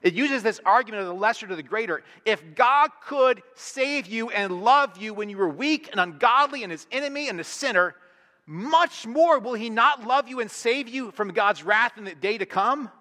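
Pastor, male, bright and fairly high voice, casual preaching style, hall reverb. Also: lively intonation, moderate pace. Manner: conversational preaching with rhetorical questions. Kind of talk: sermon. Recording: long reverb of a large hall.

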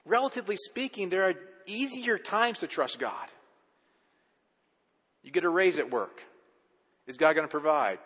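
Male pastor, sermon delivery, fairly high bright voice, long hall reverb, conversational with rhetorical questions. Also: normal speed, long pauses, husky. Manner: conversational preaching, rhetorical questions, repeats words when excited.

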